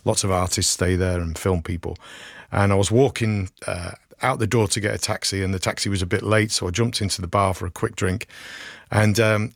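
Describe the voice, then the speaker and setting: A man's voice: on the low side, no room sound. A middle-aged man presenting a radio show in a studio, chatting casually and telling a story with lots of fillers and restarts. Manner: rambling, many fillers and restarts. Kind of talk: casual radio chat and anecdote. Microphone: studio microphone.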